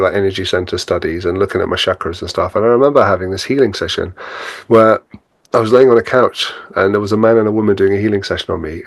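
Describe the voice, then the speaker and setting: A man, a podcast guest, in a casual spiritual conversation, telling stories in a lively way. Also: fairly low pitch, dry recording. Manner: animated storyteller, acts out scenes.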